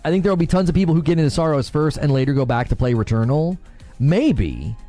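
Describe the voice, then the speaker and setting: Brief: male podcast guest, polished and measured, expressive pitch, faint background music. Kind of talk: casual podcast chat.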